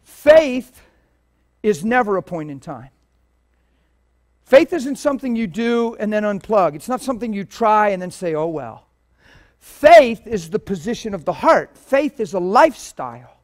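A man preaching a sermon in a church, telling stories in an animated way and swinging from quiet talk to loud bursts. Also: high-pitched, a little slow.

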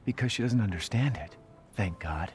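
A man playing a low-voiced cautious father. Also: expressive, moderate pace, natural voice. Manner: gentle, reassuring, slightly defensive. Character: cautious young father soothing his baby. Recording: music in the background.

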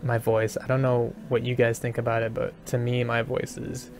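A man's voice: medium pitch, normal speed, music in the background. Hesitant young-sounding gaming vlogger man. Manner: hesitant, repeats words, says he sounds monotone. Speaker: gaming YouTuber. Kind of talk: casual channel update.

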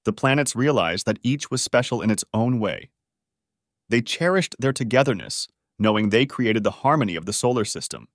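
A man reading a children's story aloud, with lively storybook emphasis and pitch that lifts on key words. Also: moderate pace, dry recording, clean studio sound. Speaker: narrator. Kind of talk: scripted children's story narration.

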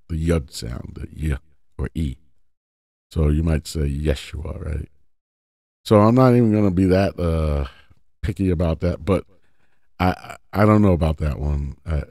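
Deep-voiced man teaching scripture emphatically. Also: mellow, dry recording, studio quality. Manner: emphatic, repeats and restarts words, rhetorical questions. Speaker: Bible teacher.

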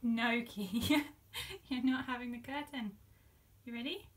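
A woman's voice: fairly high pitch, expressive, takes it slowly, slightly rough. A woman at home giving short, firm commands to her dog while filming, often laughing. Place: home room indoors.

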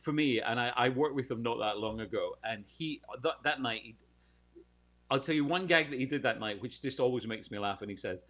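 A man's voice: medium pitch, fairly quick, a bit bright. A British man telling a showbiz anecdote in casual podcast chat, acting out the voices of people in his story. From United Kingdom.

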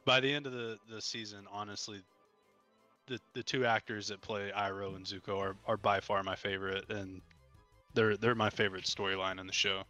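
A man with a slightly low but bright, forceful voice, chatting as co-host on a casual podcast. He talks directly and agreeably, with faint music behind him. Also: level tone, brisk. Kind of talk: casual chat.

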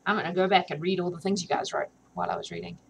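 A woman's voice: fairly low pitch, steady tone, racing, vocal fry, a little hiss or hum, low-quality recording. A woman reading a novel aloud on a live stream, then chatting with viewers, laughing often and joking about herself.

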